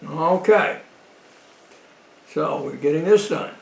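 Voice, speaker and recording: A man hosting a casual cooking demonstration, talking in a slow, rambling way with frequent fillers and dry jokes. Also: a little high, vocal fry. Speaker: cooking show host. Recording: echoey room.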